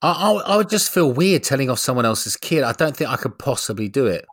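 A woman co-hosting a podcast with frank, sweary, quick reactions. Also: extremely low pitch, big pitch swings. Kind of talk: casual chat.

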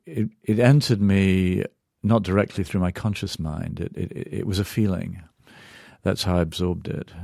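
A man's voice: sits low, vocal fry, warm tone, dry recording, studio quality. A middle-aged Englishman, an author and journalist answering interview questions in a thoughtful way, searching for words and turning emphatic when moved. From England.

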